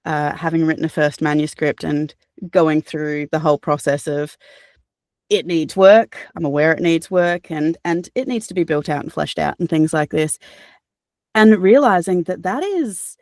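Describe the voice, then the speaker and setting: Earnest Australian woman, low-ish voice. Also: unhurried, no echo, studio quality. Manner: reflective, earnest, many fillers and restarts, occasional laughs. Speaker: guest, audiobook narrator and voice actor. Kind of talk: casual interview chat.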